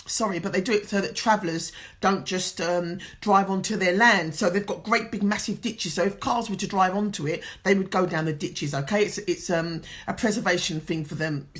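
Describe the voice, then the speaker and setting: An English woman life coach, with a lowish voice, tells an earnest, emotional motivational story at normal speed with few pauses. At times tearful, she brings the story alive with quoted dialogue.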